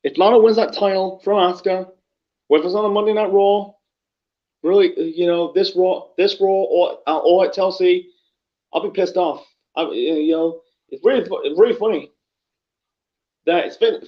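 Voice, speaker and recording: A man's voice: sits high, moderate pace, dull audio. A man ranting in an unscripted wrestling review, angry and profane, rambling with many restarts.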